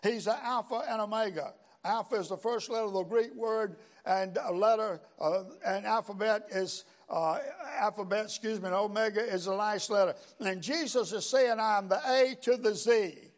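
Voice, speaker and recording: Older preacher guy, kinda high voice, folksy, lots of uh and amen. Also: normal speed, hardly any pauses. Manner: folksy storytelling, frequent "amen" and "uh". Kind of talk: sermon with personal testimony.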